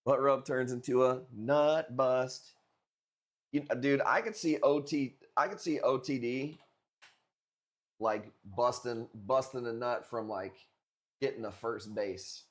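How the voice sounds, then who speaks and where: A man's voice: mid-range voice, slow pace. A young man hosting a live stream coral auction, chatting casually and cracking crude jokes with viewers. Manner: joking, rambling, crude banter with chat.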